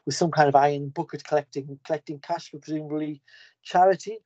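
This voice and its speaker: A man recapping a comic story in a casual, enthusiastic way, often restarting his sentences. His voice is mellow and soft-edged. The audio is dry and a little dull, like lo-fi podcast audio. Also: fairly high pitch, steady tone, fast talker, no room sound. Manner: enthusiastic, rambling, with frequent restarts.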